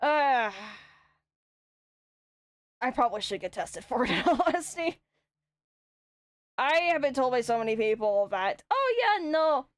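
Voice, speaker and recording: High-voiced, foul-mouthed young woman streamer. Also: lively intonation, a little slow, long pauses, dry recording. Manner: swears often, rambling storytelling. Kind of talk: casual chat.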